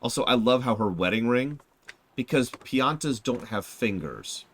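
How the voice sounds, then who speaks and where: A man's voice: medium pitch, lively intonation, a little slow. A man streaming a video game, giving casual, rambling commentary with self-deprecating asides. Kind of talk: casual let's-play commentary. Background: game music.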